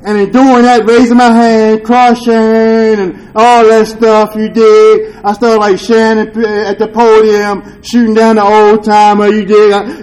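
High-voiced man sharing candid testimony. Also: level tone, unhurried, few pauses, darkish tone, low-quality recording. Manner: loose street slang and swearing, often asks "you dig?"; earnest and confessional, with rueful laughs. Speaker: speaker sharing at a recovery meeting.

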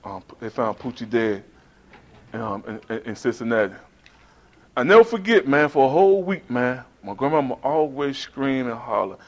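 A man's voice: mid-range voice, big pitch swings, moderate pace. Man sharing his story. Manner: conversational, addresses the room with "man". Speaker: speaker at a recovery meeting. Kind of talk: personal testimony, storytelling.

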